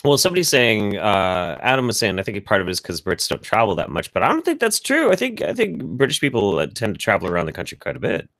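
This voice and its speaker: A man's voice: fairly low pitch, wildly swooping pitch, quick pace, few pauses, a bit bright, no room sound. An American man hosting a casual streamed chat, rambling loosely and swearing freely, with lots of restarts. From United States. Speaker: host.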